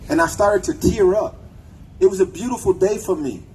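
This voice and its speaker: A man's voice: high-pitched, moderate pace, darkish tone, a little hiss or hum, low-quality recording. A man giving a raw, profane speech at an outdoor protest, leading the crowd in chants. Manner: angry, profane, leads chants. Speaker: protest speaker. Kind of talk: impassioned rally speech.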